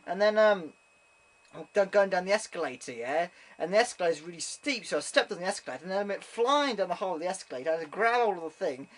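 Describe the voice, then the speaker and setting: A man's voice: sits high, lively intonation, racing, hardly any pauses, a bit bright. A young man telling a rambling, casual vlog story full of ums and restarts. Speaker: vlogger. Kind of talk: casual chat.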